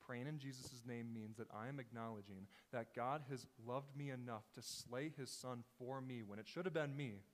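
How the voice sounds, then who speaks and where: Man, pastor, passionate sermon, rhetorical questions, hushed to loud, long hall echo. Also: medium pitch, moderate pace, few pauses. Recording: long reverb in a large hall.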